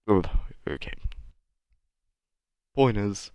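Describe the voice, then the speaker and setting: A young man with a low voice rambles through a casual, self-mocking video commentary, a little sick with the odd cough. The sound is dry and close, with no room echo. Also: normal speed. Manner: self-deprecating, rambling, sarcastic. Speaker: channel host. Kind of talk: casual rambling commentary over his animation.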